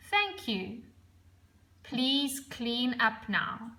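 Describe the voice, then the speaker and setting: A woman teacher giving a recorded lesson to young children, speaking slowly, clearly and expressively. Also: on the high side, sing-song, bright, forceful tone. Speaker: primary school teacher.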